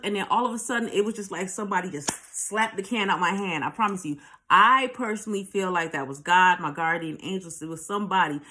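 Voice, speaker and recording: A woman's voice: mid-range voice, bright, forceful tone. Candid New woman telling a story. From New York. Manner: candid, profane, talks straight to viewers. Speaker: vlogger. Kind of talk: storytime monologue.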